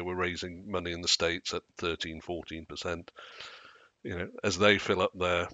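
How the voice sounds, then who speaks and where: A man's voice: deep voice, bright, forceful tone, no room sound, dull audio. A man hosting a finance panel from the United States, prompting guests by name. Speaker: host.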